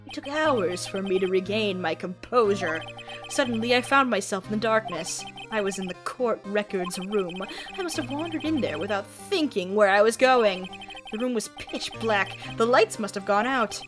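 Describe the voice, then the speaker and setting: A woman's voice: mid-range voice, expressive, moderate pace, music in the background, close to an everyday voice. A woman voicing an arrogant older male prosecutor who bellows with theatrical rage. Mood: cold confessing.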